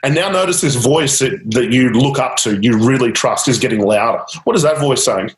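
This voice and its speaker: A man's voice: mid-range voice, brisk, roomy sound, rough recording. A man leading a live coaching demonstration, guiding a client with repeated prompts and light laughter. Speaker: change-technique coach.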